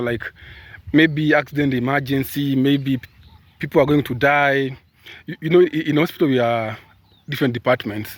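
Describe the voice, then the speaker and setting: A man's voice: fairly high pitch, slight background noise. A man from Kenya talking casually on a vlog, rambling with lots of fillers and restarts as he gives advice, filmed outdoors on a phone held at arm's length. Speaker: caregiver vlogger. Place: outdoors in sunshine. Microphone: phone camera at arm's length.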